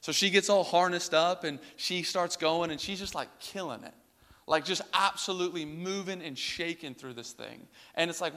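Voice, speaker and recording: A young male pastor tells a personal story from the pulpit in a loose, casual way, full of filler words. His voice is bright and sits a little high, and it carries a long reverb through the hall. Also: normal speed.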